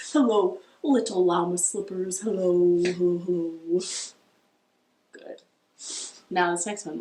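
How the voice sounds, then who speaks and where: A young woman with an American accent leading a children's storytime from her living room, playful and self-deprecating as she sings and strums along on a ukulele. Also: on the high side. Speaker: children's librarian. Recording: echoey home room with ukulele.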